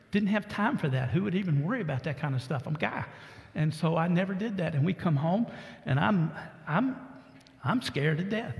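A man's voice: sits high, gravelly, big-room sound. A man in his sixties from Texas, a pastor preaching a sermon with folksy stories that build to emphatic exhortation.

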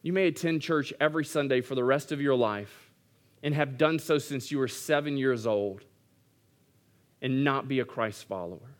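A male pastor preaching a sermon, animated, moving between quiet asides and loud, emphatic lines. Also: a little high.

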